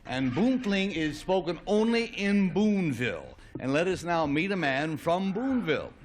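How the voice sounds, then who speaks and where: Chatty game show host guy, pretty high voice that jumps around a lot, friendly and rambly. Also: big pitch swings, a little slow. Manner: genial, talkative with hesitant fillers. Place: television studio.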